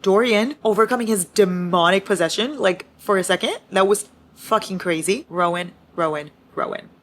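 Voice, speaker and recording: A woman's voice: mid-range voice, moderate pace, fairly bright tone. Gushing young woman reading vlog. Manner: swearing, gushing, squealing bird calls. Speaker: book vlogger. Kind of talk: excited reading vlog chat. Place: home with noisy household.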